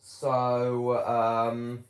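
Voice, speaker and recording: On a home video with an echoey room sound, a man chats casually in a mid-range, monotone voice at a very slow pace. The vlogger rambles and hesitates, filling gaps with fillers and frequently starting over.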